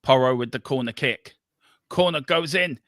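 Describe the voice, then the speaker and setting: A man hosting a football watchalong, calling the play live with excitable banter. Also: medium pitch, normal speed, dry recording, studio quality. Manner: excitable, running commentary with banter. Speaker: watchalong host.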